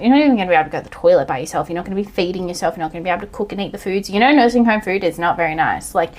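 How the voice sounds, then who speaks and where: A woman, talking through a solo coaching podcast in a blunt, casual way, swearing now and then and yelling out acted lines. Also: fairly low pitch. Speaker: online coach and physiotherapist.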